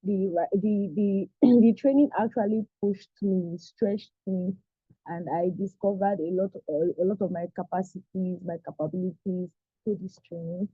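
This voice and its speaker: A young woman, a recent graduate, giving a halting, emotional testimonial on a video call, close to tears. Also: mid-range voice, steady tone, breathy edge, no room sound. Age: young adult. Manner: earnest, halting, near tears. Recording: tinny phone-like call audio.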